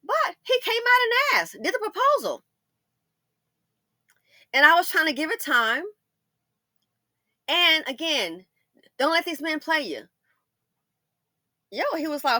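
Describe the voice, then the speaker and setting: A woman's voice: high-pitched, sing-song, takes it slowly, pauses often, no room sound. A middle-aged woman, telling stories in a casual commentary monologue, laughing and addressing the ladies directly. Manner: laughs and breaks into loud exclamations. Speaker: commentary channel host.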